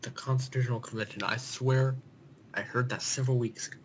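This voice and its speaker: A man's voice: mid-range voice, fairly even intonation, fast, a little hiss or hum. A man co-hosting a casual podcast, answering quiz questions with self-deprecating jokes. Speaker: podcast co-host, quiz contestant.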